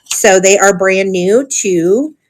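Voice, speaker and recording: A woman's voice: medium pitch, takes it slowly. A woman hosting a live online auction stream, chatty and gushing, with frequent ums as she shows items. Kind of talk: live sale stream chat.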